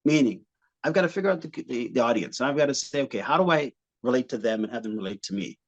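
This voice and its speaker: A comedian from Montreal, Canada, chats as a podcast guest, animatedly telling stories from the stage and slipping into funny voices, accents, and impressions. He has a medium-pitched voice and talks fast, and the audio is dull.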